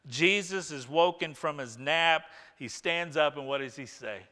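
A man's voice: a little high, measured pace, few pauses, sharp tone, long reverb tail. A man preaching a sermon as pastor, talking conversationally and asking his listeners rhetorical questions.

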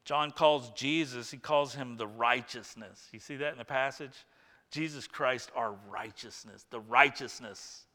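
A man's voice: mid-range voice, measured pace, pushed and bright, in a large hall. A man preaching a sermon as pastor, talking conversationally and asking his listeners rhetorical questions.

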